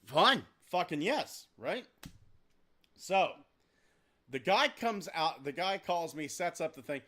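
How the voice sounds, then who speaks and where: High-voiced, profane storytelling man. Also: slow pace. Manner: profane, animated, rambling. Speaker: podcast host. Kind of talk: casual storytelling.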